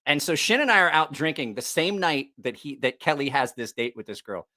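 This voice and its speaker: A man hosting a casual livestream chat, telling a profane story with lots of laughter and animated asides. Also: fairly high pitch, a little fast. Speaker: knife channel host.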